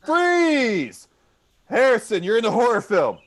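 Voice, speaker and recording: A man runs an improv comedy game over a video call. His voice sits a bit high and swings widely in pitch. He is upbeat and repeats each suggestion back to the players. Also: big pitch swings, a little slow. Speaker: referee and host of an improv show. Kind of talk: online comedy game hosting.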